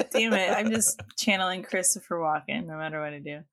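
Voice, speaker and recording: A woman's voice: on the low side, a little fast, fairly bright tone. Giggly woman guest on a podcast. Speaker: guest musician. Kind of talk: casual podcast banter.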